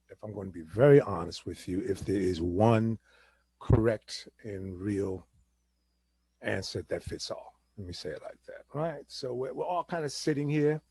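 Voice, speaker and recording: A man hosting a real estate talk show, explaining the housing market in casual chat and acting out buyers and sellers in quick asides. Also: on the low side, mellow, husky.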